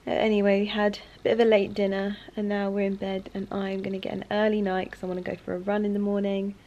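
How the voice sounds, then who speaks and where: A young woman vlogging at home in a chatty, casual way, often dropping to soft, hushed speech. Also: mid-range voice, monotone, fast, highs cut off. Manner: chatty, with frequent fillers like "like" and "um". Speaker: lifestyle vlogger. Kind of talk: casual chat to camera.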